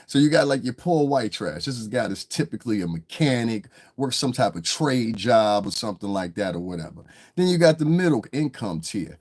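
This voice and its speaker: A man's voice: mid-range voice, animated, a little fast, a little mellow. Profane, blunt man ranting on a livestream. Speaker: livestream commentator. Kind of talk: casual livestream rant.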